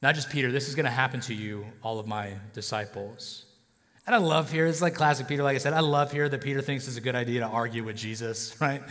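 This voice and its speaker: A man's voice: mid-range voice, fairly even intonation, quick pace, fairly bright tone, big-room sound. A male pastor preaching a sermon in a casual, joking way, often checking in with his listeners.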